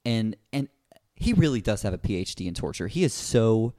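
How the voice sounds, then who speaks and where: A man chatting as a podcast co-host, speaking emphatically in a fairly low voice. The recording is dry, with no room around him. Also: big pitch swings, normal speed, dark tone, no room sound. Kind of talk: casual chat.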